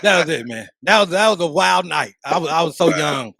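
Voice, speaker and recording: Animated man telling a wild story. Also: fairly high pitch, brisk, gravelly, very noisy. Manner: animated, profane, acts out quotes. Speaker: podcast co-host. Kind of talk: casual storytelling chat.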